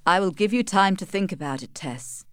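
An earnest, hopeful young farmer in love, as a woman reader puts him on. He speaks gently and persuasively in a low, lively voice. The sound is close and dry. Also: normal speed, clear, resonant tone, dry recording, close to an everyday voice.

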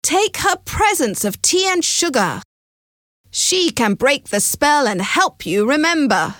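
A woman's voice: high-pitched, big pitch swings, takes it slowly, fairly bright tone, dry recording, clean studio sound, voice pushed up, heavily acted. A woman voicing a servant woman who scolds the children in a matter-of-fact way. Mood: scolding. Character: woman servant, puzzled and bossy.

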